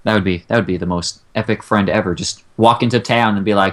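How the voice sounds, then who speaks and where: A young man with a fairly low voice talks in a loose, casual chat. He swears freely and launches into excitable rants. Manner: profane, excitable, drawn-out rants. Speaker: co-host.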